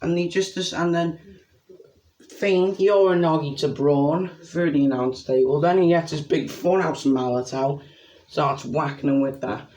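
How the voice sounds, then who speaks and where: Young guy ranting excitedly about a wrestling show, kinda high voice, all over the place. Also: unhurried. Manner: excitable, rambling, exclamatory. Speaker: wrestling reviewer. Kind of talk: casual spoken review.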